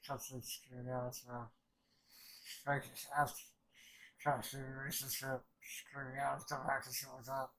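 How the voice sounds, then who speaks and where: Guy reacting to anime, flat monotone delivery, swears a lot, rambles with tons of filler. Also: mid-range voice, a little slow, low-quality recording. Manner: rambling, profane, filler-heavy. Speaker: reaction channel host.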